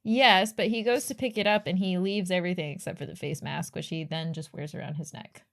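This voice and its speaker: A woman with a fairly low voice recaps a horror movie on a podcast in a casual, wry way. She drops deadpan quips and slips into playful voices for the characters. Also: fairly quick. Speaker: podcast co-host.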